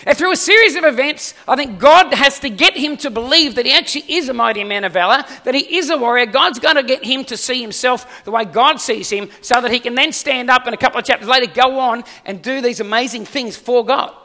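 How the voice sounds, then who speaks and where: A man delivers a sermon in a very high, bright voice, speaking in a conversational way and putting frequent questions to his listeners. His voice rings out with a long reverberant tail from a large hall. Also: brisk, gravelly, few pauses. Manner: conversational preaching with rhetorical questions. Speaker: pastor.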